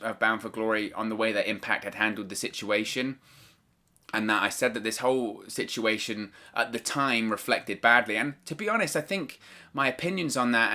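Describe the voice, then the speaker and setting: A man's voice: fairly low pitch, bright, forceful tone. A man giving solo wrestling news commentary as a vlogger, talking hesitantly and repeating words as he chooses them carefully.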